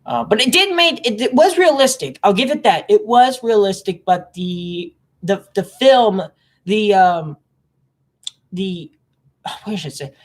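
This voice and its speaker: A woman with a middle-pitched voice rambles through a casual reaction commentary as a space fan. Her sarcasm shows in sudden high, disbelieving exclamations. Between points she drops into quiet, mumbled fillers. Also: animated, a little slow. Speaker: space enthusiast reacting to a film.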